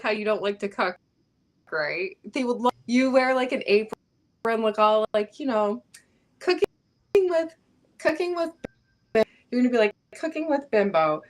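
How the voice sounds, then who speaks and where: A woman chatting as a guest on a live stream, excited and filling her talk with "like". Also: a little high. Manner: excited, fills speech with "like". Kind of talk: casual chat.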